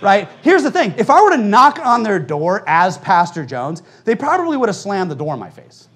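A male pastor delivering a fiery conference sermon to a live audience, telling stories fast and acting out the people he quotes. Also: sits high, sing-song, a bit bright. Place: church conference hall with audience.

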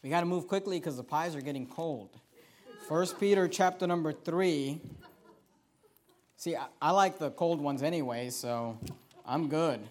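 A man with a high voice delivers a sermon. He reads scripture at a slow, deliberate pace. He drops to quiet asides, then pushes his points louder and with more force. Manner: emphatic, swings between quiet and loud, reads scripture slowly. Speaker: preacher.

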